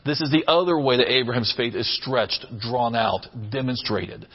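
A man's voice: medium pitch, normal speed, breathy edge, highs cut off. A man preaching a sermon, earnest and emphatic, repeating phrases for weight. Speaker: pastor.

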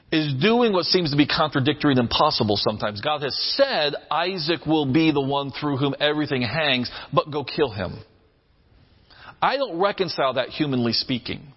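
A man's voice: mid-range voice, slightly rough, dull audio. A man preaching a sermon, earnest and emphatic, repeating phrases for weight. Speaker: pastor.

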